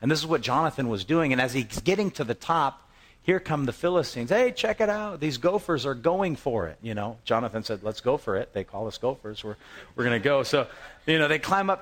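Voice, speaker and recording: A man preaching a sermon with lively, conversational storytelling. He jumps into the voices of the people in the passage and then drops back into plain talk, often restarting a phrase and repeating words. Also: medium pitch, fast talker. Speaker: pastor.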